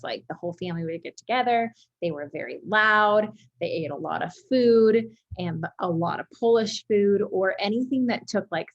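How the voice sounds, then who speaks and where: A woman cookbook author telling lively family stories over a video call, full of casual fillers. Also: on the low side, highs cut off. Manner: lively storytelling, many fillers like "like". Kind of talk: casual conversation.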